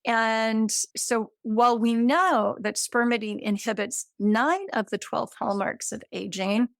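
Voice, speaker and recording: A woman's voice: on the high side, vocal fry, no room sound, studio quality. A woman in her fifties, a guest in an interview, explaining science with enthusiasm, checking in with "right?" and using everyday comparisons. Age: 50s.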